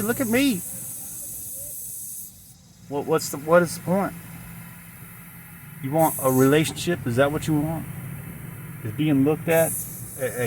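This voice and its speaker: A loopy, sleep-deprived man rambles to his camera in a put-on Southern drawl. He talks in a mid-range voice, stumbling and restarting. Faint traffic hums behind him in an outdoor lot. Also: mid-range voice. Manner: halting, repetitive, full of restarts. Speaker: vlogger.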